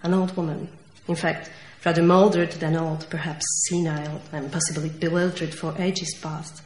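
A woman with a Central Eastern European accent reading her poetry aloud, slow and measured, with dramatic stresses. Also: low-pitched, little pitch movement, a little mellow. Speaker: poet. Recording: echoey room with faint noise.

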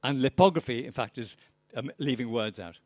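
A man's voice: medium pitch, fairly quick, darkish tone, dry recording. A poet giving a reading of his poems with anecdotes, chatty and wry, full of ums and uhs.

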